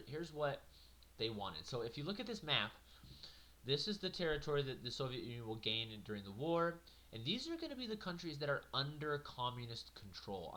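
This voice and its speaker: A man lecturing on history with a bright, forceful tone. He talks casually and with lots of energy, dropping playful asides and checking in with the class as he goes. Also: medium pitch. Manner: conversational, animated, jokey asides. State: yawning, a little tired. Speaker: teacher.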